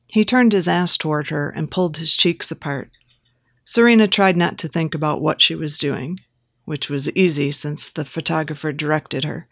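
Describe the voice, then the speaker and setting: A woman narrating an erotic story as an audiobook, reading in a steady, even way. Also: deep voice, a little slow, gravelly, no room sound, studio quality.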